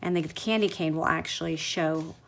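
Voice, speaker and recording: A woman's voice: low-pitched, normal speed, gravelly. A woman walking through a paper craft project step by step in a chatty tutorial, often gushing about how cute it turns out. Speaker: craft demonstrator.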